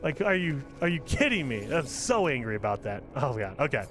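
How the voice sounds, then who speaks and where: A man giving casual gameplay commentary as a channel host, talking in an animated, exasperated rant. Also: medium pitch, a little fast, faint music behind.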